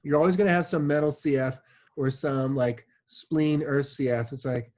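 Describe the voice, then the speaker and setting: A man's voice: fairly high pitch, steady tone, normal speed, a little mellow. Casual, chatty male instructor. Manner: casual, chatty, checks in with "right?" often; many fillers like "like" and "you know". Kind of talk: classroom lecture.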